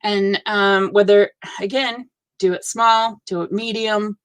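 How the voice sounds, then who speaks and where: A woman in her fifties hosting a casual live stream, gushing warmly over viewers' work with effusive reactions. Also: medium pitch, level tone, slow, smooth. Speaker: host of a live stitching show.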